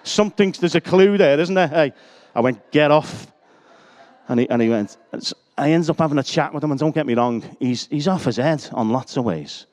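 A man's voice: a little high, brisk, hardly any pauses, a little mellow. A middle-aged man, preaching a sermon full of personal stories and self-deprecating jokes. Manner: chatty, self-deprecating, joking asides.

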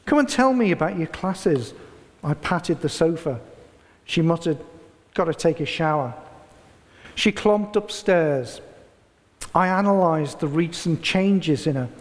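Man, preacher, high voice, slow deliberate reading, echoing hall reverb. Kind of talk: sermon with read-aloud story.

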